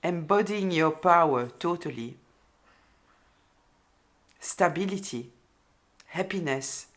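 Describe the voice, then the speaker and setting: A woman giving a collective tarot reading, speaking haltingly with many fillers and repeated words, openly emotional. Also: fairly low pitch, lively intonation. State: moved, emotional. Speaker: tarot reader.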